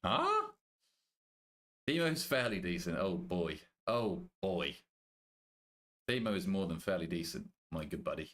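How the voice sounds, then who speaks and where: A man's voice: deep voice, wildly swooping pitch, normal speed, fairly bright tone. British man bantering with his chat. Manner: banters with chat, swears casually, thinks aloud. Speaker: game streamer. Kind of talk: casual live-stream chat.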